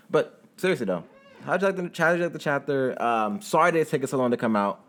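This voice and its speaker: A young man narrating a fan story and then chatting casually to his viewers, rambling and laughing, jumping into high squeaky tones when he jokes. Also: sing-song, fast, fairly bright tone, soft background music. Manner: giggly, rambling, jumps into high squeaky bits when joking.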